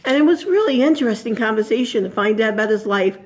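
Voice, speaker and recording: A woman's voice: on the high side, lively intonation, fast talker. A woman telling a personal story as spoken oratory, chatty and rambling, correcting herself as she goes.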